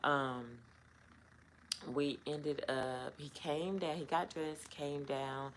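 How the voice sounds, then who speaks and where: A woman's voice: low-pitched, steady tone, slow pace, slight background noise, poor audio. A middle-aged woman telling a personal story to camera in a casual, rambling way, full of "um" and "like". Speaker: vlogger.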